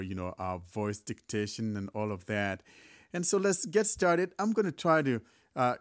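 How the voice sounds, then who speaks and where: A man hosting a casual spoken tech demo, relaxed and chatty, laughing when things go wrong. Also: fairly low pitch. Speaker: host recording a tech demo.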